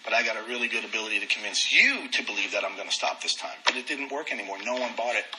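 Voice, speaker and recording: A man candidly telling his own recovery story, animated and self-deprecating. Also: lowish voice, rapid-fire, noisy background. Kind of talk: personal testimony talk.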